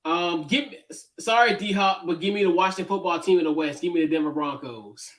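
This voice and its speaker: A man with a noticeably high voice hosts a laid-back sports talk show. He talks casually with plenty of fillers and moves steadily from one game pick to the next. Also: a little fast, recorded from a distance. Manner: relaxed, lots of fillers, runs through game picks. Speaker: podcast host.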